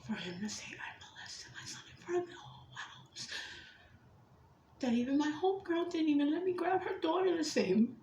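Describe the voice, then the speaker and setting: A mother telling a painful personal story, swearing often and shifting between hushed whispers and loud outbursts. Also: high-pitched, very animated, brisk, reverberant, slight background noise.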